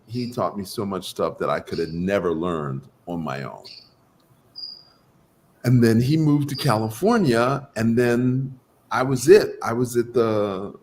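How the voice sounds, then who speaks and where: Male guest practitioner recounting his past, lively, unhurried, acts out quotes. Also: lowish voice, slight background noise. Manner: animated, acts out quoted dialogue. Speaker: guest doctor of Chinese medicine. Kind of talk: storytelling in an interview.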